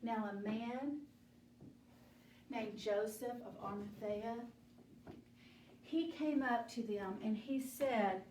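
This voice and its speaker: Slow-paced woman telling a Bible story. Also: a little high, a little mellow, slight background noise. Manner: slow, deliberate storytelling, asking children questions. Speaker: children's Bible study teacher. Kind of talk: storytelling a Bible lesson to children. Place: church room. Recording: echoey room, mic at a distance.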